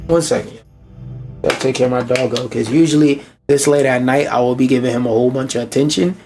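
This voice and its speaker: A man's voice: mid-range voice, fairly even intonation, fast, music in the background. Young male streamer, casual reaction commentary, swears freely, rants mid-read. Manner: profane, ranting, interrupts reading to complain. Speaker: streamer reading an article aloud.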